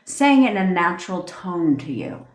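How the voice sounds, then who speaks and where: A woman's voice: lowish voice, sing-song, moderate pace. A woman coaching manifestation in a livestream rant, blunt and full of swearing as she lectures her viewers. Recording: roomy echo.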